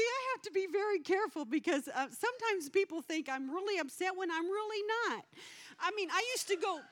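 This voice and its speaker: A middle-aged woman giving a devotional talk at a church gathering, telling a homey story in a chatty way and laughing often between lines. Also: extremely high pitch. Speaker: lay speaker at a church gathering.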